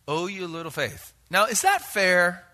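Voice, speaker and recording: A man preaching a sermon, moving between hushed asides and loud acted-out quotes from scripture. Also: high voice, a little slow. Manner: animated, shifts between hushed and shouted quotes. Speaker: pastor.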